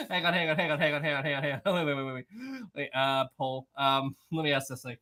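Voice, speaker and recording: Playful bright-voiced man hosting a live quiz. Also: on the high side, quick pace. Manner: playful, laughs often, teasing chat. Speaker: live stream host running a history quiz. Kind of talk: casual live-stream chat reading viewer comments.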